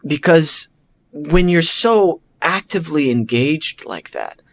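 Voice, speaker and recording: Man casually telling an animated story. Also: a little high, slow. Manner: animated storyteller who acts out his own thoughts; frequent "like" and "you know" fillers. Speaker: podcast host.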